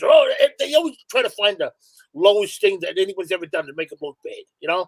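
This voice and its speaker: A man's voice: sits high, lively intonation, quick pace, low-quality recording. A middle-aged man with a New York accent, chatting as a guest, profane and rambling as he tells stories. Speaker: guest, hardcore musician. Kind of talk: casual chat, storytelling.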